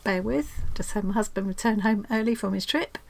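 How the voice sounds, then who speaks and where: A woman hosting a craft channel, chatting casually and excitedly as she opens mail in her craft room. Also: mid-range voice, a little fast, creaky, noisy background. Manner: chatty and excitable, gasping and laughing often. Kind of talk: casual chat while unboxing mail.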